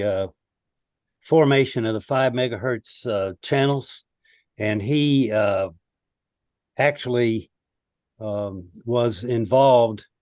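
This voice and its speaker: A man on a video call giving a knowledgeable comment, halting often with fillers. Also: mid-range voice, a little mellow, no echo, clean studio sound. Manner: hesitant, many fillers, recounting. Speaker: participant with expertise.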